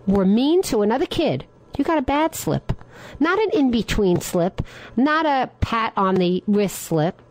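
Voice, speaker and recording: A woman's voice: on the high side, a little mellow, poor audio. A middle-aged woman hosting a talk radio show, giving her opinions in a monologue and firing rhetorical questions at her listeners.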